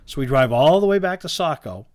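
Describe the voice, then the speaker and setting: A man, a guest telling lively stories about owning race cars in a casual chat, acting out the voices of the people in them. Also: on the high side, fairly quick, no echo, studio quality. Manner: animated anecdote teller, acts out quoted dialogue. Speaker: guest, race car owner. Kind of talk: casual storytelling in a podcast chat.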